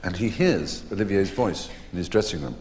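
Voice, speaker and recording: Deep-voiced man telling stories in a reverberant hall. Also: lively intonation, moderate pace, background noise. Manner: leisurely raconteur with frequent ums and restarts. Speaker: stage conversation guest. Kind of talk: anecdotal storytelling on stage. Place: theatre stage before a live audience. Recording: echoey hall with long reverb.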